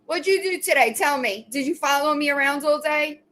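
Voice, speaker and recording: A woman's voice: high-pitched, moderate pace, a bit bright, poor audio. A woman hosting a casual livestream, talking straight to her viewers. She mocks her commenters bluntly and swears freely, then coos at her pets. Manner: blunt, mocking, profane toward commenters; gushing baby talk to pets. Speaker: livestream host.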